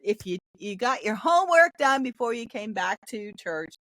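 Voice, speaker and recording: A woman's voice: fairly high pitch, normal speed, no room sound, studio quality. An older woman pastor, a podcast guest, telling a faith testimony in a casual interview and animating the people in her story. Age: 60s. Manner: animated storyteller acting out quoted voices.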